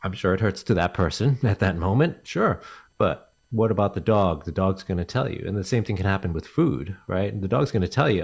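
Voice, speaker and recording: A man's voice: low-pitched, animated, a little fast, vocal fry, a little mellow, husky. A man talking as a podcast guest, agreeable and building on the host's points. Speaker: podcast guest, dog behavior consultant. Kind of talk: conversational interview.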